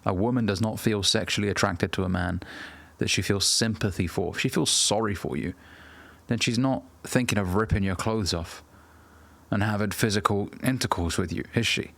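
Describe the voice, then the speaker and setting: Male coach, 30s, low gravelly voice, blunt and preachy with plenty of swearing, dry close recording. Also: normal speed, a bit bright, no echo. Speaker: dating and self-improvement coach. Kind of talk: direct-to-camera advice talk.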